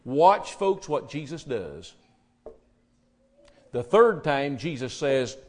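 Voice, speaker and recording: A man preaching a sermon, swinging between loud, emphatic address to the congregation and hushed, quiet retellings of dialogue. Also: mid-range voice, very animated, takes it slowly, pauses often.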